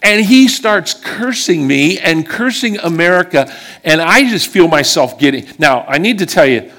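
Middle-aged pennsylvania guy preaching, tells stories, keeps asking the crowd okay?, voice a bit high. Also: animated, normal speed, a bit bright. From western Pennsylvania, US. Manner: storytelling, chatty asides that check in with the crowd. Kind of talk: sermon.

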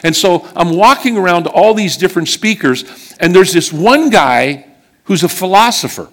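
A man's voice: high voice, lively intonation, moderate pace, a bit bright. A middle-aged man from western Pennsylvania preaching a sermon, telling a personal story in a chatty way and checking in with the congregation as he goes.

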